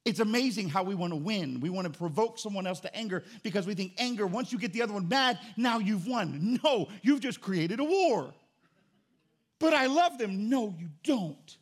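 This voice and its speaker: A middle-aged man preaching a sermon as pastor, conversational and joking, with an animated delivery. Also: high voice, fairly quick, few pauses, breathy edge.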